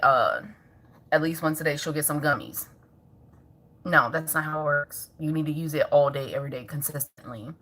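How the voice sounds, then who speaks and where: A woman's voice: deep voice, bright, forceful tone. A woman vlogging casually at home as a mother, chatting with viewers, laughing often and scolding her toddler in between.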